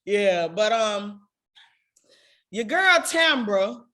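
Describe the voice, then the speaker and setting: A woman in her forties from Jackson, Mississippi, co-hosting a casual podcast. She tells lively stories in a mid-range voice, acting out what people said and laughing often as she goes. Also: mid-range voice, extremely slow. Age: 40s. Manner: animated storytelling, acts out quoted voices, laughs often. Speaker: podcast co-host. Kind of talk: casual chat.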